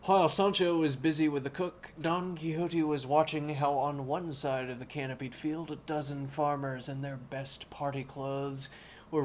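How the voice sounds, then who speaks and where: A man reading a classic novel aloud as a bedtime story on a live stream, unhurried and deliberate, with wry asides. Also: mid-range voice, slight background noise.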